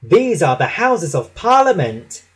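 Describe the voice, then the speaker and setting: A man puts on a friendly talking barge from a storybook, pitched up high. The voice is cheerful and chatty, like a tour guide naming every sight, with a slightly husky tone underneath. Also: big pitch swings, a little slow, heavily acted.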